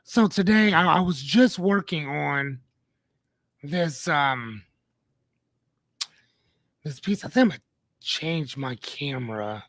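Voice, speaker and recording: A man's voice: on the high side, lively intonation, slow pace, long pauses, a bit bright, no echo. A man hosting a casual livestream, chatting playfully with viewers in a rambling way and greeting them by name. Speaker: livestream host.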